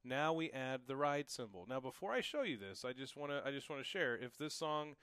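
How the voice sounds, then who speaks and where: A man's voice: medium pitch, lively intonation, a little fast, a bit bright, clear, resonant tone, dry recording. A young man giving a casual, encouraging drum lesson, explaining each pattern and counting it aloud. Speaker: drum teacher. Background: drum kit.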